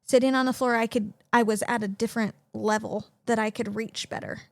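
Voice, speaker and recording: A woman's voice: a little high, steady tone, brisk, creaky, no echo. A young woman co-hosting a casual parenting podcast, talking in a chatty way with lots of "like" fillers. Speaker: podcast co-host. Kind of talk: casual chat.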